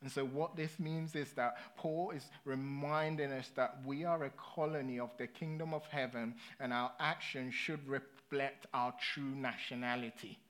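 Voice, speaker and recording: A man's voice: medium pitch, steady tone, moderate pace, few pauses, a bit bright. A British man preaching a sermon in a conversational way, often checking in with his listeners. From Britain. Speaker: pastor.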